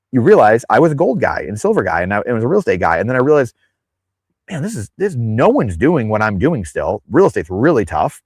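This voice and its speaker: This podcast guest has a husky, somewhat mellow mid-range voice, recorded dry. Chatting casually in an interview, he rambles into side stories and acts out the people he quotes with exaggerated voices.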